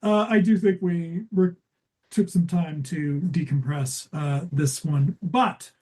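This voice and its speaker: A woman's voice: fairly low pitch, slow, mellow, slightly rough, poor audio. A woman co-hosting a comedy podcast, chatting casually and retelling plots with laughter. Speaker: podcast co-host.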